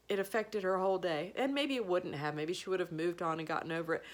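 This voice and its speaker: A woman's voice: mid-range voice, fairly bright tone. A middle-aged woman telling a heartfelt story in a casual vlog, emotional, laughing and tearing up, acting out the voices of the people she quotes. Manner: acts out voices in quoted lines. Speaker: vlogger sharing a school story.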